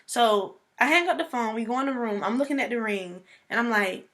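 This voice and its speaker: A young woman vlogging casually, telling a personal story in a chatty, animated way. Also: fairly high pitch, fairly quick.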